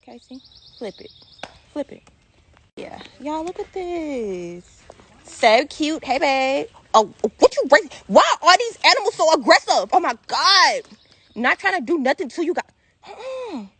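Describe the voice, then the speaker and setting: A woman vlogging casually from a car at a safari park, excitable and quick to shriek and laugh. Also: high voice. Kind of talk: casual vlog commentary.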